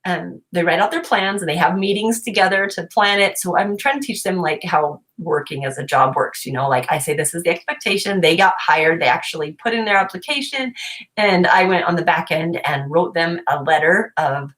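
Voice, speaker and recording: A woman in her thirties, a homeschooling mom, telling a funny family story on a casual livestream from home, laughing often as she goes. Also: normal speed. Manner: animated, laughing, voices her kids in high pitch. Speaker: mom vlogger.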